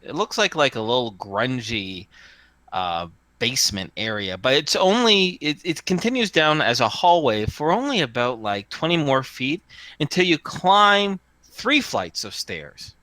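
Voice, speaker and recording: A man's voice: medium pitch, very animated, a little slow, bright, forceful tone, dry recording. A man narrating as game master of a tabletop role-playing game, describing scenes with many fillers and restarts.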